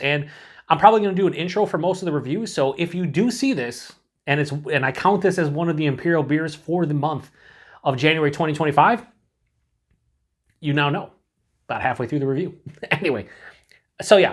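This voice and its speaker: A man casually reviewing a beer on his own channel, rambling and mocking himself, with some swearing. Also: fairly high pitch.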